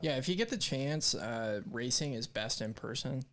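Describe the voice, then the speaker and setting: A man's voice: mid-range voice, expressive, moderate pace, a bit bright. A man co-hosting a live stream show, chatting casually and reading out messages from the chat in a rambling, candid way.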